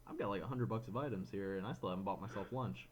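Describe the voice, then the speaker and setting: A man co-hosting a podcast, telling a frustrated story in casual chat, animated and ranting, slipping into quoted voices. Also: on the low side, fast, a little hiss or hum. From Florida, USA. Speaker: podcast co-host.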